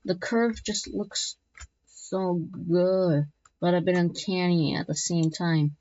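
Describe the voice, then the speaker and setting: A woman talks through a map scenario in a loose, rambling way, often stopping and restarting with joking asides. Her voice is on the low side and she speaks slowly. The audio is dull and lo-fi, with a dry, close sound. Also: fairly even intonation, darkish tone. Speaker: map video narrator. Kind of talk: casual commentary narration. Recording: dull lo-fi recording.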